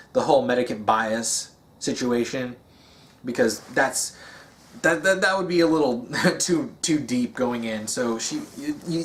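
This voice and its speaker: A man giving a casual, rambling monologue, with many fillers and restarts. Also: mid-range voice. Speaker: video essayist.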